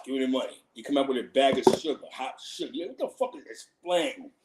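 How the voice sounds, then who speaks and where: Over heavy background noise, a Harlem-born livestream host from New York rattles off street stories fast in a medium-pitched voice. He's animated and slangy, laughing frequently through the casual telling.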